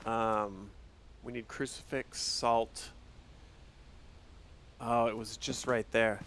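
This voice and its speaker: A man's voice: medium pitch, fairly even intonation, slow, pauses often, a bit bright, a little hiss or hum. A male streamer giving live commentary on a game, reacting aloud and chatting with his viewers.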